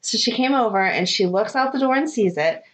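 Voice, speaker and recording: Casting: middle-aged woman, chatty podcast co-host, casual animated storytelling. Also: on the high side, brisk. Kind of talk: casual chat.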